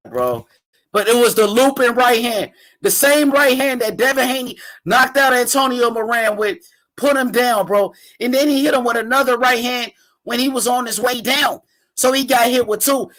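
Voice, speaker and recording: A man's voice: very high-pitched, a bit bright. A young man hosting a casual live reaction to a boxing fight, talking in slang and repeating himself as he hypes the fighters. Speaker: boxing commentator, channel host.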